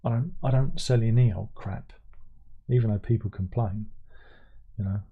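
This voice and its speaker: A man's voice: lowish voice, moderate pace, breathy edge, narrow, tinny audio. An older British man hosting a casual livestream, rambling and chatting with dry, self-mocking asides. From Britain. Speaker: livestream host.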